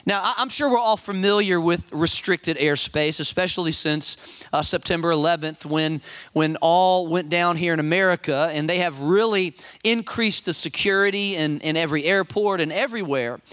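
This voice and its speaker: Male pastor in his forties, high bright voice, dry close sound; animated storyteller. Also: clear, resonant tone, no room sound. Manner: animated storyteller, quick restarts and repeated words. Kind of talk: sermon with personal storytelling.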